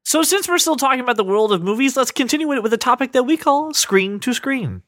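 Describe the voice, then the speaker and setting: A man's voice: very high voice, expressive, fast talker, a bit bright, dry recording, clean studio sound. A man hosting a podcast in casual chat, playful, with frequent stammering restarts. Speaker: podcast host.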